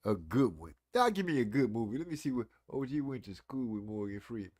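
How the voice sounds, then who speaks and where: A man's voice: mid-range voice, big pitch swings, a little fast, darkish tone. A man in his forties hosting a casual live stream, chatting and teasing viewers about old movies. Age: 40s. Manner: playful, teasing, reads chat aloud.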